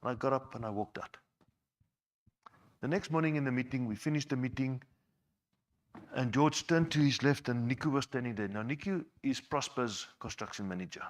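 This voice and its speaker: This man tells his personal testimony to a church at a normal speed with a medium-pitched voice, leaving long pauses. He talks conversationally and tends to repeat his words.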